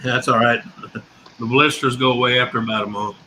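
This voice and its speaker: A man's voice: medium pitch, fairly even intonation, a little fast, sharp tone, a little hiss or hum, rough recording. A man teasing his friends and laughing often in a streamed voice chat. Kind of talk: casual banter.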